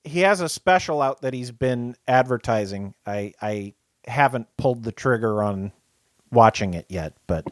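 A man co-hosting a podcast in casual chat, animated and laughing often. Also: mid-range voice, moderate pace, no room sound, studio quality. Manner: animated, laughs often, keeps saying the co-host's name. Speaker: podcast co-host.

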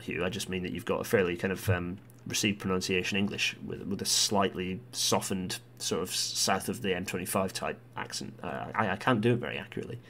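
A man's voice: deep voice, sharp tone, slight background noise. A Scottish man doing live commentary, reading a report aloud and reacting with exclamations as he answers viewer comments. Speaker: livestream commentator on transport policy.

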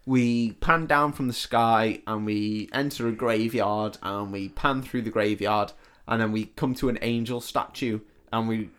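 A man co-hosting a casual film podcast, retelling scenes in a relaxed way with plenty of fillers. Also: fairly low pitch, a little slow, few pauses, clear, resonant tone. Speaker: podcast co-host.

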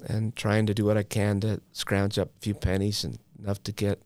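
A man's voice: fairly low pitch, monotone, moderate pace, darkish tone, dry recording. A man in his forties, a guest telling his recovery story in a frank, self-deprecating way with wry humor and slangy asides. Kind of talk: candid personal storytelling.

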